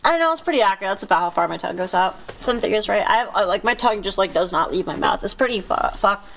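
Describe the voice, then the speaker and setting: A congested woman streamer with a cold, rambling and joking as she chats, cursing freely. Her voice sits at an ordinary middle pitch for a woman, a little thick and blocked through the nose. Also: lively intonation, fast, gravelly, fairly bright tone, a little hiss or hum. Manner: rambling, playful, swears a lot. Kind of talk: casual chat.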